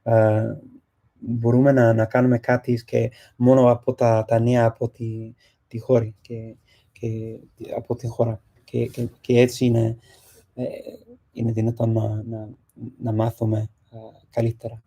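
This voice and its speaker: A man with a mellow, medium-pitched voice speaks in a monotone at a moderate pace. He's from England and hosts a casual live stream, answering viewer questions hesitantly, with many fillers and restarts as he switches between languages.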